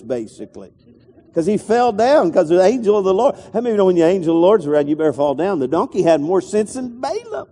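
High-voiced pastor preaching in a reverberant hall. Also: male voice, very animated, quick pace, dark tone, slightly rough. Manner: conversational, rambling with restarts and asides. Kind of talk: sermon.

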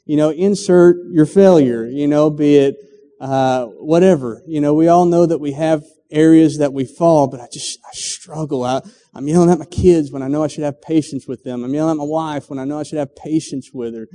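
With a long hall reverb behind him, a middle-aged pastor delivers a sermon story, voicing quotes dramatically and tripping over restarts. He speaks at normal speed in a mellow voice on the high side.

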